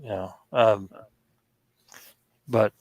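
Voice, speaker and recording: A man's voice: on the low side, fairly even intonation, drawn-out words, no echo. A man hosting a casual online hangout, easygoing and prone to repeating himself. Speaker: hangout host. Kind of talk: casual chat. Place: home, online call.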